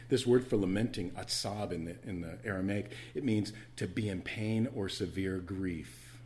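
Conversational male pastor, lowish voice. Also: a little hiss or hum. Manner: conversational, personal asides, shifts from loud emphasis to quiet intimacy. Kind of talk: sermon.

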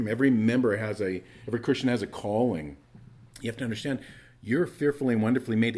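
A man preaching a sermon as pastor, earnest and conversational, stumbling over restarts and swinging between loud emphasis and quiet asides. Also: medium pitch.

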